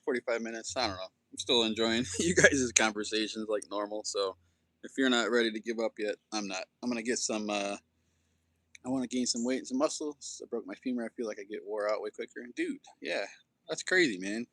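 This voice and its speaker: A man's voice: medium pitch, a little fast, bright, forceful tone, dry recording. A man hosting a casual livestream, rambling in a laid-back way and saying "dude" and "man" a lot. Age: adult with children. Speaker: slingshot livestream host.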